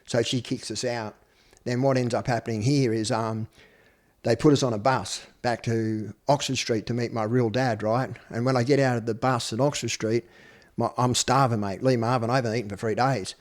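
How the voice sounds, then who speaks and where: A man's voice: mid-range voice, steady tone, normal speed. An Australian man in his fifties, a guest telling his life story with blunt, profane candor. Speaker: interview guest. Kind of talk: candid personal storytelling.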